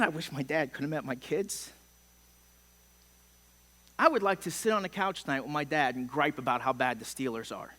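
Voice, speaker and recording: A man's voice: medium pitch, a bit bright. A middle-aged man preaching a sermon as pastor, impassioned and emphatic, with sudden swells and drops in force. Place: church sanctuary. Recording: long church hall reverb.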